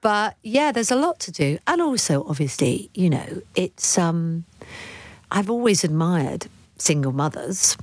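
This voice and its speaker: A middle-aged woman as an interview guest, speaking candidly in a halting, reflective way with frequent restarts. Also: on the low side, big pitch swings, darkish tone, dry recording.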